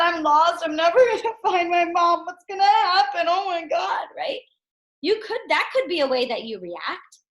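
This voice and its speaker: High-voiced woman teaching young children. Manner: gentle, asks questions, often checks with "right?". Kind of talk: reading lesson for young children.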